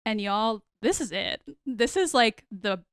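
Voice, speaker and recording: A woman's voice: fairly high pitch, measured pace, clean tone, no room sound, clean studio sound. A woman hosting a podcast, recapping a TV episode in casual chat and animatedly acting out the characters' lines. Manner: animated, acts out characters' lines, addresses listeners as y'all. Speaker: podcast host.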